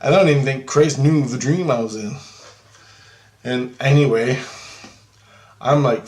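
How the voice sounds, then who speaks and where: A man telling a rambling, profane story about a dream, animated and laughing often. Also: mid-range voice, unhurried, pauses often. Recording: roomy echo.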